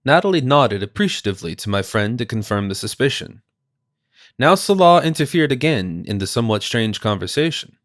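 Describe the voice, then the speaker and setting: A man's voice: mid-range voice, very animated, brisk, fairly bright tone, no echo. Man narrating an audiobook, dry close sound. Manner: reads all characters himself with small shifts. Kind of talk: scripted narration.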